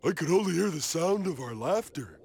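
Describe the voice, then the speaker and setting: A man voicing a dim, cheerful starfish in a cartoon, talking slowly and loudly. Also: on the high side, expressive, creaky. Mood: mock-dramatic. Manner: slow, dopey, loud. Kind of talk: cartoon voice acting. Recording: cartoon clip with music and echo.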